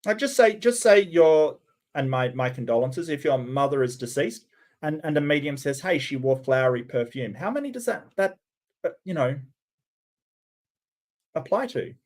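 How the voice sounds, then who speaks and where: A man's voice: on the high side, big pitch swings, normal speed, long pauses, a little mellow. An Australian man hosting a reaction commentary, talking in a sarcastic, mocking way. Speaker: commentary host.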